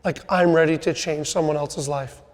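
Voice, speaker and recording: A man's voice: fairly high pitch, fairly even intonation, normal speed, in a large hall. A middle-aged man hosting a casual podcast interview, coaching his guest and often tagging on "right?" and "you know". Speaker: podcast host, sales team leader.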